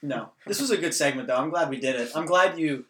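A man co-hosting a podcast, teasing his co-host in a deadpan, casual way. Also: on the high side, fast. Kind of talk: casual chat. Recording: roomy echo.

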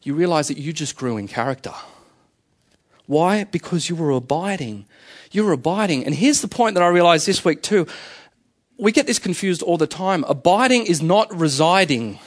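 Conversational pastor preaching a sermon. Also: male voice, sits high, fairly bright tone. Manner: conversational preaching with rhetorical questions. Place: church service with a congregation.

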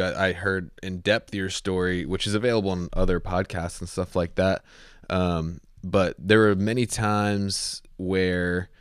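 An American man hosting a podcast, asking relaxed, rambling questions with many fillers. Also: low voice, clean tone, dry recording, studio quality. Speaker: podcast host. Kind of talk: casual interview chat.

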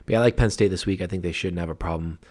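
Talking college football casually as a podcast co-host, a man stays relaxed and hedges with many fillers. He speaks rapid-fire in a low, slightly mellow voice.

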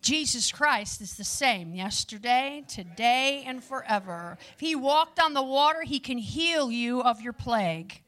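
A woman preaching a lively sermon to a live audience, with chatty asides to the listeners. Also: on the high side, unhurried, few pauses.

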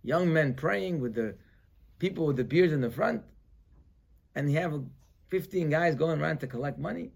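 A rabbi leads his weekly class with a gravelly, slightly high voice. He tells the story in an animated way, rising to loud emphasis and then dropping to quiet asides, and he drops Hebrew terms into his English. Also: normal speed, pauses often.

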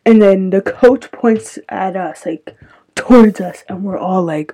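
A woman's voice: mid-range voice, moderate pace, mellow, no room sound, rough recording. A woman hosting a casual confessional podcast, rambling with lots of filler words and sometimes dropping almost to a whisper. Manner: rambling, heavy use of "like" fillers; drops to a near-whisper at times. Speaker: podcast host.

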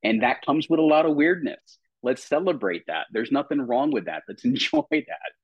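Male coach, reflective, husky low voice, dry close sound, laughs easily. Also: big pitch swings, moderate pace, no room sound, muffled recording. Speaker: guest, personal coach. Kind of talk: conversational interview.

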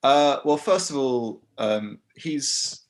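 A man's voice: medium pitch, lively intonation, slow pace. A man with an anglicised Australian accent co-hosting a casual sports podcast, chatty and reasoning through his points. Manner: chatty, laughs often, builds reasoned points. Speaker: podcast co-host.

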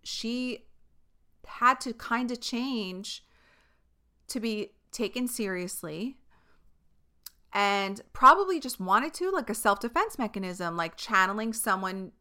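New york gal just chatting on her podcast, swears a bit, lots of likes and ums, clear voice. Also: on the high side, lively intonation, slow, bright, forceful tone. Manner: chatty, frank, swears, lots of filler words. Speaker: podcast host. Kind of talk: casual solo podcast monologue.

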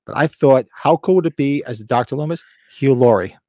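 A man's voice: mid-range voice, fairly quick, mellow, no echo, clean studio sound. A man co-hosting a casual podcast, rambling and restarting his sentences, swearing now and then. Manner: rambling, stop-start, swears. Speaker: podcast co-host. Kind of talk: casual chat.

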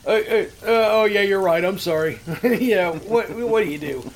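A man's voice: high-pitched, normal speed, a little hiss or hum. A middle-aged man hosting a show, rambling through profane stories with laughs. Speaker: podcast host. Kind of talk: casual storytelling.

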